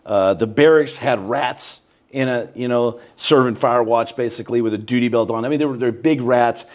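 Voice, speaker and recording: Speaking at a moderate pace with a medium-pitched voice, this thirtysomething man is a podcast guest spinning laid-back stories in a casual interview. "Bro" and "man" come up constantly, and he gets animated, raising his voice whenever he acts out what someone said.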